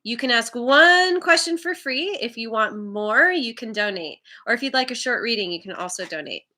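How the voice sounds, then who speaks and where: Hosting a live tarot stream, this woman talks at a normal speed in a fairly high, bright, pushed voice with lively intonation. She keeps things casual and encouraging, laughs often, and trips over the names of viewers.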